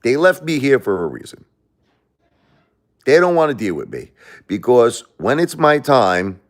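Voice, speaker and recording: A man's voice: medium pitch, sing-song, a little slow, long pauses. A middle-aged man from the United States hosting a livestream, talking bluntly and emotionally, confronting his viewers as he goes. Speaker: livestream host. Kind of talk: livestream rant.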